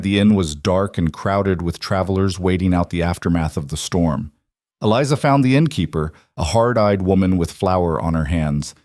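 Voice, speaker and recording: A man reading a romance story aloud in an even, measured narration, close on a dry mic. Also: sits low, dry recording.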